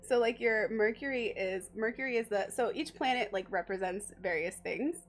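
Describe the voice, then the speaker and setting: A woman's voice: medium pitch, moderate pace. A woman guest explaining astrology in a casual chat, laughing often and using many fillers.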